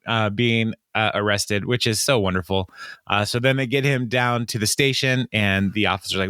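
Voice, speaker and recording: A man co-hosting a podcast, recapping an episode in casual chat, often jumping into a higher voice to act out lines and laughing along. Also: steady tone, moderate pace, pushed and bright, dry recording, clean studio sound. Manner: retells scenes, acting out lines in a raised voice, laughs often. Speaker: podcast co-host.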